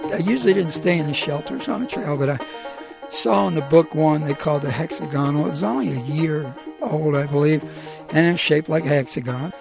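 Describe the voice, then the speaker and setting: Gravelly middle-aged man telling his story. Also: a little high, music in the background. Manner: halting and emotional, with pauses and fillers. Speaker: storyteller recounting his own life. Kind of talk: personal storytelling.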